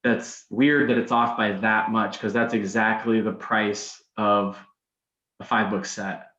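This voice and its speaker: A man's voice: fairly low pitch, fairly even intonation, takes it slowly, bright, forceful tone. A man guest on a podcast, telling a story casually, rambling, with many restarts and "like"s. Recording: roomy, dull sound.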